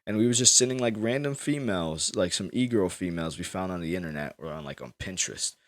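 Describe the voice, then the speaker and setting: A man's voice: low voice, fast. A young man hosting a podcast, telling a story in loose, rambling, profane casual chat. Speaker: podcast host.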